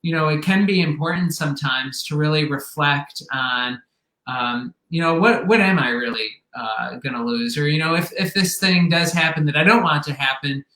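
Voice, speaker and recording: A man's voice: fairly high pitch, normal speed, sharp tone, echoey room, low-quality recording. A man hosting an interview, reflecting at length in a loose, rambling way before handing back to his guest. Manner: rambling, many fillers and restarts. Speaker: podcast host. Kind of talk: casual interview.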